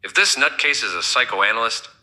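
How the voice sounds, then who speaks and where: A man voicing a servile, sly male office assistant who speaks with mock politeness in an animated story. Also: medium pitch, brisk. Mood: confiding. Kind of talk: scripted character voice.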